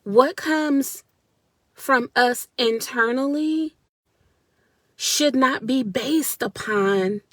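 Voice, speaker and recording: A woman's voice: high voice, extremely slow, pauses often, fairly bright tone, dry recording. A woman giving an earnest, spiritual motivational talk on a live video and speaking straight to her viewers. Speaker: wellness speaker.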